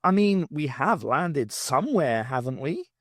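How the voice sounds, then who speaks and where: A spirited young woman with a wry, teasing edge, as a male audiobook reader puts her on, her questions lifting high and swinging lively. The reading is close and dry, with no room around it. She sounds plucky and quick to needle. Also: no room sound, full character voice. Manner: quizzical, teasing questions in a raised voice. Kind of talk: audiobook character voice.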